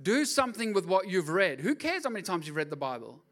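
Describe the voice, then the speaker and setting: A middle-aged man preaching a lively, joking sermon as pastor, often acting out voices in his stories. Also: high-pitched, fast talker. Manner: animated, jokey, acts out voices.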